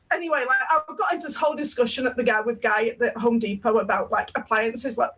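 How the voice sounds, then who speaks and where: Chatty, giggly high-voiced woman from the UK. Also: fairly bright tone, poor audio. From United Kingdom. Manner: chatty and giggly, laughing often. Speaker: podcast host. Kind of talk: casual chat with her mother.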